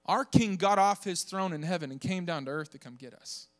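Animated high-voiced pastor preaching. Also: male voice, fairly quick. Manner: animated, joking, voice rises to shouts for emphasis. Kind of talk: sermon.

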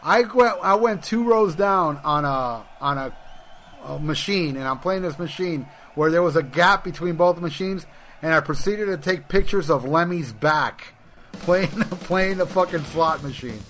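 Male podcast co-host, bright tone, rambling casual storyteller. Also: fairly high pitch, a little slow, slight background noise. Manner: rambling anecdotes with restarts and profanity.

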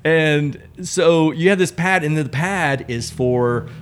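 A man's voice: on the high side, slow pace, slight background noise. A middle-aged Texan man, a podcast guest, telling stories casually and acting out quotes. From Texas. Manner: animated storyteller, acts out quotes. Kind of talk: casual storytelling.

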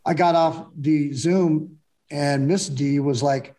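Guy with a higher voice, reflective, short plain sentences, casual chat. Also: steady tone, slow pace, warm tone. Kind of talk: candid personal chat about sobriety.

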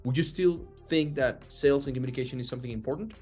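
A man with an average-pitched voice hosts a loose, profane podcast chat. He rambles through his questions, restarting and laughing along the way. Faint music sits under the talk. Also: quick pace, darkish tone, husky.

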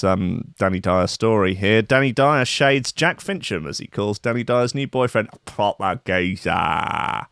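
A man's voice: on the low side, measured pace, creaky, hardly any pauses, fairly bright tone, clean tone, dry recording, clean studio sound. A man hosting a comedy podcast in a casual, offhand way, reading out a news story with asides. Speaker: podcast host.

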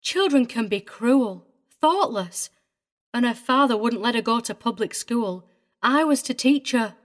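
A woman's voice: on the high side, animated, a little slow. Woman playing Miss Paul, a prim tearful governess. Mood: vehement, tearful. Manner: prim and agitated, voice wavering. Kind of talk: dramatized audiobook reading.

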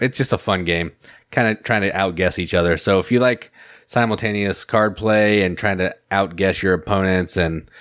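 A man with a fairly low voice chats easily as co-host, agreeable and unhurried. The sound is dry and close. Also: fairly bright tone, no room sound. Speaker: podcast co-host. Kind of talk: casual chat.

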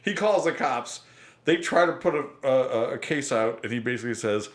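A man's voice: mid-range voice, lively intonation, normal speed. A man co-hosting a podcast in casual, profane chat, laughing often. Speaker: podcast co-host.

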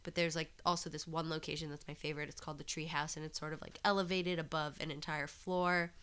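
A woman's voice: sits low, little pitch movement, quick pace, a bit bright, clean tone. A woman co-hosting a podcast, chatting casually and laughing often, with many restarts. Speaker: podcast co-host. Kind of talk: casual chat.

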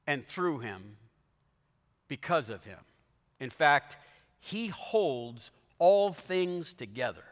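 A man's voice: a little high, in a large hall. A man preaching a sermon as pastor, telling a story with dramatic quoted lines.

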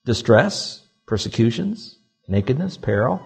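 A man preaching a sermon as a pastor, animated and swinging between hushed asides and loud, emphatic lines. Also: medium pitch, a little slow, gravelly, slightly rough, faint music behind.

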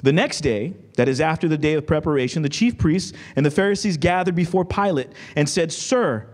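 A man's voice: on the high side, darkish tone. A man preaching a sermon, reading scripture and explaining it conversationally, checking in with the congregation. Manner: reads scripture quickly, slows down for emphasis. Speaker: pastor.

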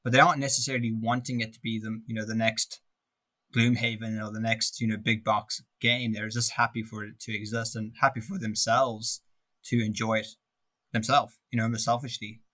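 A man's voice: lowish voice, little pitch movement, normal speed, pushed and bright. A man co-hosting a podcast in casual chat, thinking aloud with frequent restarts. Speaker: podcast co-host.

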